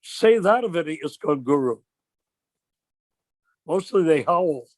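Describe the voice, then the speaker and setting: An older man leading an informal religious discussion on a video call, telling stories with rhetorical questions in an animated way. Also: a little high, unhurried, no echo. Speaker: discussion leader.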